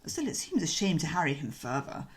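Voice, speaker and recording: A woman voicing a cheerful young gentleman, breezy and chatty, in a bouncy, slangy audiobook reading. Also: deep voice, sing-song, a little fast, husky, pitched below the performer's own voice, full character voice.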